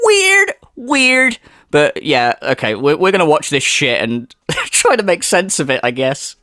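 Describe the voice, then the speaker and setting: A man streaming and ranting sarcastically, with plenty of swearing. His fairly high voice moves around animatedly in pitch. The sound is dry and close. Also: lively intonation, moderate pace, fairly bright tone, no echo. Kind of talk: livestream commentary.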